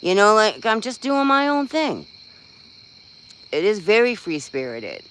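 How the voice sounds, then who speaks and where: A man's voice: high voice, sing-song, unhurried, fairly bright tone, slight background noise, rough recording. A man chatting casually on a livestream, venting bluntly, swearing freely and rambling with lots of fillers. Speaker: livestream host. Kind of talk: casual live-stream chat.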